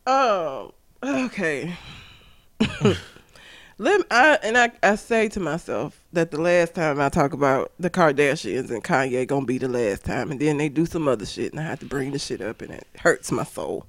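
A woman's voice: sits low, lively intonation, moderate pace. A young adult woman co-hosting a casual comedy podcast, blunt and profane, laughing often as she rants. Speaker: podcast co-host.

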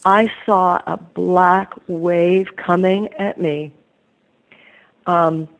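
A woman's voice: on the low side, fairly even intonation, very slow, dull audio. A woman author being interviewed, telling her story in an earnest, reflective way. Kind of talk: conversational interview.

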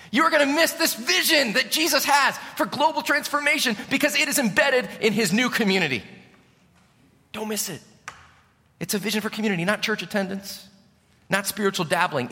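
A pastor from Chicago preaches a sermon in a large hall, his tone bright and forceful. He is emphatic, lifting key lines and letting his voice drop low at the ends.

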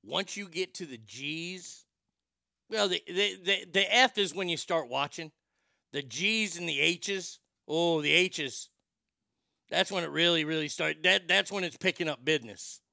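A man with a gravelly edge and a bright, forceful tone rants with comic outrage, swearing freely. The sound is dry and close. He keeps up a host's patter between loud outbursts. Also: fairly high pitch, measured pace, no room sound. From Texas. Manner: ranting, profane, mock outrage with loud outbursts. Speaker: radio show host. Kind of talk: comedic rant.

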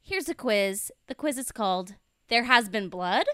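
A woman's voice: mid-range voice, measured pace, clear, resonant tone, no echo. A woman co-hosting a casual podcast, reading out research with jokes and running a quiz. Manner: animated, reads research aloud with jokes. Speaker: podcast co-host.

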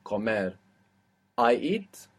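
A man's voice: fairly low pitch, sing-song, very slow. A man teaching a language lesson, explaining step by step and prompting his student.

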